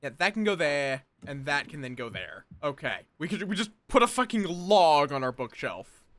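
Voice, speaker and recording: A man's voice: fairly high pitch, very animated, normal speed, fairly bright tone, no echo. A tired man streaming a game, muttering to himself and thinking aloud as he plays. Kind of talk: casual gameplay commentary.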